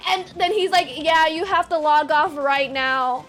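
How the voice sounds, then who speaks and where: Young woman streamer, high voice, animated storyteller who swears, faint music underneath. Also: slow. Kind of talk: casual storytelling to chat.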